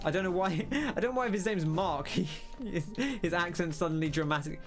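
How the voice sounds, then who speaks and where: A young man talks through his gameplay in a loose, musing way, often stopping to rethink. His voice sits a bit high for a man. Soft game music plays faintly underneath. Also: fairly quick, hardly any pauses. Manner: musing, rambling, self-interrupting. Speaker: let's play host. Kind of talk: casual gameplay commentary.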